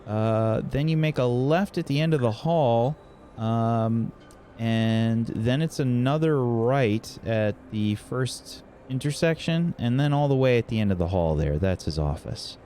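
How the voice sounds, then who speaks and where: A man's voice: medium pitch, expressive, measured pace, dark tone, a little hiss or hum, natural voice. A man voicing a helpful woman at a front desk who gives rambling directions.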